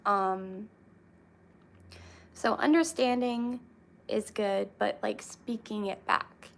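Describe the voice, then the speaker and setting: A young woman chatting casually with viewers, rambling with lots of fillers and pauses. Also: mid-range voice, vocal fry. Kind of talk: casual chat.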